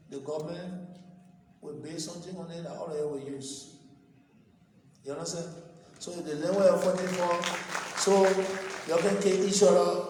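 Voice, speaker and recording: Middle-aged Liberian English man, slightly high, mellow voice, chatty and anecdotal, far from the mic in a big reverberant hall. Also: a little hiss or hum. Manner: conversational, anecdotal, repeats himself. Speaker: president addressing citizens. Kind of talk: informal address to a delegation. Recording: echoey hall recorded from far off.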